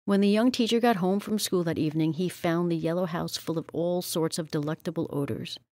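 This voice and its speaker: A woman reading a story aloud in a steady, measured way. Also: on the low side, no echo, clean studio sound. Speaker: audiobook reader.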